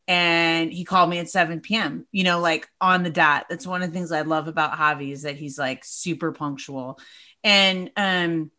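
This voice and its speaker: A woman's voice: on the low side, steady tone, normal speed, pushed and bright. A woman talking as a podcast guest in casual chat, loose and chatty with lots of "like" and "you know".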